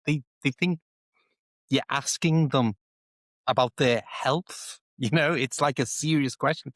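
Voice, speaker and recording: A man's voice: medium pitch, moderate pace, fairly bright tone, dry recording, clean studio sound. A British man chatting casually as co-host, humorous, telling small anecdotes. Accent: British English. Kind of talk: casual chat.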